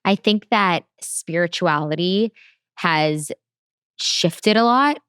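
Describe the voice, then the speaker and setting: A woman co-hosting a podcast who reflects and thinks aloud in a relaxed chat. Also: on the low side, slow, clear, resonant tone, dry recording, clean studio sound. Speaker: podcast co-host. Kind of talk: casual podcast conversation.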